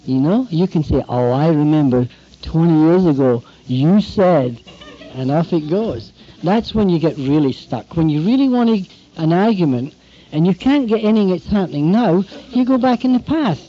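A man giving a talk to therapists, telling anecdotes in an animated way and acting out bits of dialogue. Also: high-pitched, normal speed, breathy edge. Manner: animated anecdotal storytelling, acts out quoted dialogue. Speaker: speaker addressing therapists. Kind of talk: storytelling lecture. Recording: dull lo-fi recording.

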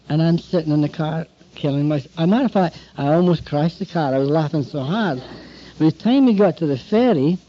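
A man giving a talk to therapists, telling anecdotes in an animated way and acting out bits of dialogue. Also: on the high side. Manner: animated anecdotal storytelling, acts out quoted dialogue. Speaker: speaker addressing therapists. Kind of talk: storytelling lecture. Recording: dull lo-fi recording.

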